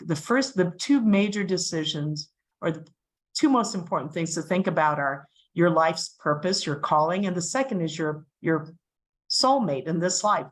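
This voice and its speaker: A middle-aged woman telling a personal story as a guest speaker, animated and acting out the voices of the people in it. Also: on the low side, low-quality recording. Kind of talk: storytelling talk.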